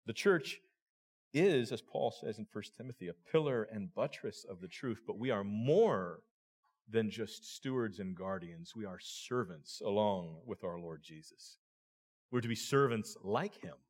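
A man's voice: fairly low pitch, expressive, measured pace. A man preaching a sermon as a pastor, earnest, speaking to his listeners as friends and often repeating words.

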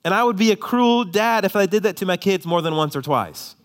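A man preaching a sermon, moving between hushed, slow passages and emphatic ones, often repeating words as he restarts. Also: sits high, animated. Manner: dynamic, shifts between hushed and emphatic delivery; frequent quick repetitions and restarts. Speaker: pastor.

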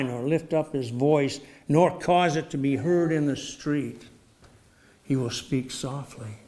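A man preaching a sermon in a slow, measured, reflective way, posing rhetorical questions. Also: mid-range voice, darkish tone.

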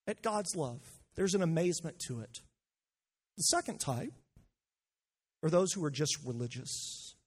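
A man's voice: on the high side, animated, unhurried, pauses often, slightly rough. A male pastor delivering an earnest sermon, stumbling on frequent restarts and climbing to impassioned peaks.

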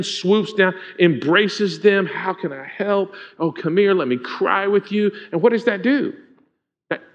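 Pastor, male, higher voice, chatty sermon delivery with questions to the room, dull lo-fi recording. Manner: informal, asks the congregation questions. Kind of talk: conversational sermon. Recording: dull lo-fi sound.

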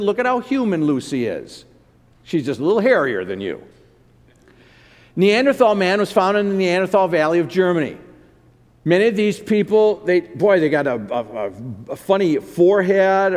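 Male preacher, high voice, animated, quizzes the crowd; reverberant hall. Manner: animated, asks the audience questions. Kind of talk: sermon.

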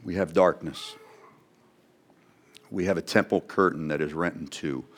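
A man's voice: sits low, steady tone, a little slow. A man preaching a sermon, dramatically voicing an onlooker's wondering questions. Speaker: pastor.

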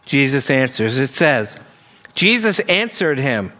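A man with a high-pitched voice delivers a sermon, teaching earnestly through a scripture passage verse by verse. He reads the verses aloud and breaks into conversational asides. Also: animated, unhurried, a bit bright. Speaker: preacher.

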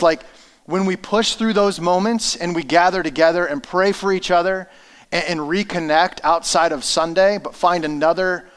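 A man's voice: fairly high pitch, a bit bright, clear, resonant tone. A man in his thirties preaching a sermon, telling a personal family story in an earnest, conversational way. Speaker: pastor.

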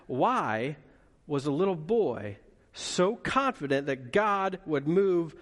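A man preaching a sermon as pastor, lively and playful, with asides to the congregation. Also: on the high side, takes it slowly, big-room sound. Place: church hall.

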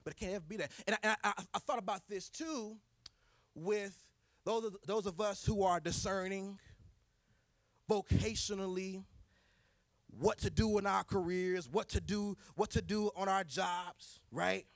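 A man delivers a sermon in a fairly high voice, leaning on repeated rhetorical questions to press his point. His delivery is emphatic and direct. The sound is dry and close. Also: steady tone, moderate pace, dry recording. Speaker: preacher.

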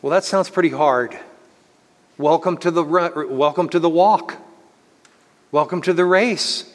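Earnest guy preaching, slows way down on key words, voice rings around a big room. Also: a little high. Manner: earnest preaching, slows to stress words, speeds up voicing others. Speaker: pastor. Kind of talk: sermon. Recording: long hall reverb.

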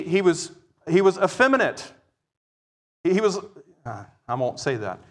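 A man preaching with a fairly high voice that rings with a long reverb through a large hall. He swings between loud, emphatic declarations and quiet, explaining asides. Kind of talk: sermon.

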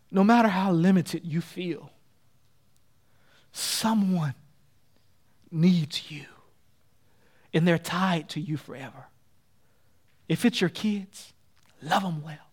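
A man preaching a sermon, telling a story dramatically and swinging from hushed to loud. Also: high voice.

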